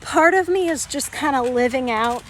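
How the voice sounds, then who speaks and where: A mother chats easily to her camera, reflective and relaxed. Her voice sits high for a woman. Faint noise and outdoor ambience hang in the background. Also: normal speed. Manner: easygoing, reflective, chats loosely with a light laugh. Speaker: mother and vlogger. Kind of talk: casual vlog chat.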